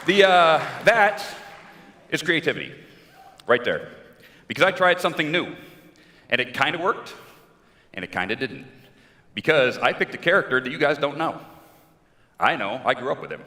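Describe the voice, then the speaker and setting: A man's voice: fairly high pitch, very animated, a little slow, pauses often, sharp tone. A man talking casually and energetically with fans from a convention stage, chatty and self-deprecating. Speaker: convention guest, video creator. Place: large convention hall. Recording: echoey hall with crowd.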